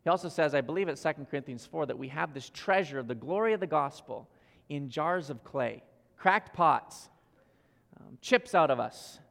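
A man preaching a sermon as pastor, earnest and speaking straight to his congregation, swinging between loud emphasis and soft asides. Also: a little high, animated, normal speed, creaky. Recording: long hall reverb.

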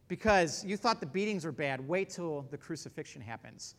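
High-voiced preacher in an echoing hall. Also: male voice, expressive, fairly quick, few pauses. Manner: earnest preaching, swings between loud emphasis and hushed lows. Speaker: pastor. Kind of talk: sermon. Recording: long hall reverb.

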